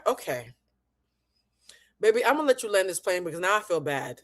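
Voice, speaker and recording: A woman's voice: lowish voice, sing-song, fairly quick, long pauses, a little hiss or hum. A woman hosting a live reaction stream, giving sassy, mocking commentary and laughing often. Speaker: host.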